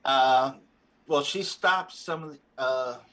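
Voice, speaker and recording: A man narrating a tabletop game as its game master, his voice at an ordinary middle pitch for a man. He takes his time, describing each scene slowly and stopping often for "uh" and "um" before moving on. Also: fairly bright tone. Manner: unhurried, halting descriptions with many fillers.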